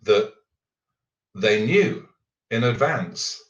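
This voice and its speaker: Speaking very slowly yet animatedly in a fairly low voice, this man hosts a relaxed chat show. He hesitates a lot, frequently starting over and filling gaps. A faraway microphone leaves the sound muffled and echoey.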